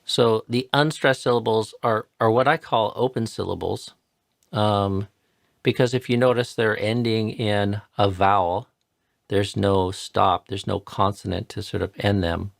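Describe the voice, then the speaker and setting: A man's voice: lowish voice, steady tone, vocal fry, no echo, clean studio sound. A man patiently explaining and modeling pronunciation in a live chanting tutorial. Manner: patient, explanatory, repeats words slowly to model sounds. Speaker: chanting teacher.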